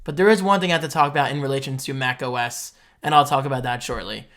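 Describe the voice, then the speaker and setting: A young man talking casually in a tech reaction vlog, excitable and quick to get loud and heated. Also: mid-range voice. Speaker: tech vlogger.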